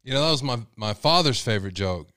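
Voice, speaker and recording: A male host rambles through a folksy story in a casual monologue, with plenty of fillers. His voice sits at an ordinary pitch and sounds dry and close, with no room around it. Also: expressive, fast talker, pushed and bright, smooth, dry recording.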